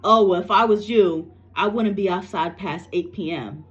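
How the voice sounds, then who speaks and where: Animated swearing woman telling a story. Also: fairly low pitch, normal speed, dull audio. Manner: animated, emphatic, swears freely. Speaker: psychic medium. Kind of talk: casual storytelling to camera.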